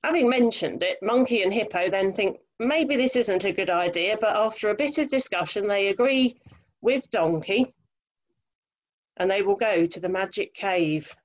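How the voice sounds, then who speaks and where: A woman reading a children's story aloud over a video call, lively, expressive and chatty. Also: mid-range voice, moderate pace, highs cut off.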